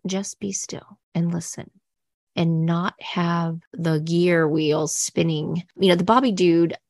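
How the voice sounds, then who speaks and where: Gravelly, chatty low-voiced woman host. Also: fairly even intonation, takes it slowly, a little mellow, no echo, clean studio sound. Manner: chatty, rambling with restarts and repeated words. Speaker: show host. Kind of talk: casual faith-based talk show monologue.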